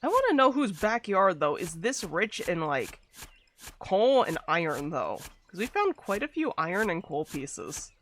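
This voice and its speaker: Casual gaming-stream chat, rambling and giggly, lively ups and downs, desk mic. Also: mid-range voice, unhurried, slight background noise. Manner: chatty and rambling, laughs often. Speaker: VTuber streamer.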